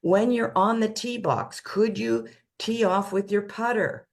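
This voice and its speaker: A woman's voice: mid-range voice, fairly even intonation, a little slow. A woman financial advisor explaining things in casual conversation, using folksy analogies and often restarting her sentences.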